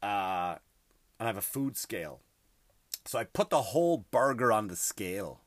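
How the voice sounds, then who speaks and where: A middle-aged host ranting about everyday hassles in an exasperated, profane, emphatic way. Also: male voice, fairly low pitch, big pitch swings, moderate pace, dry recording. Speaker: podcast host. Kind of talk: comedic rant.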